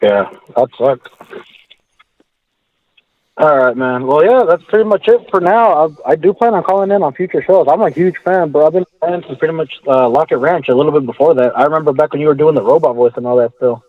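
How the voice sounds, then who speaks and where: A male caller on a call-in show, talking in a rambling, halting way full of fillers. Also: fairly high pitch. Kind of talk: casual phone call. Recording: tinny phone line.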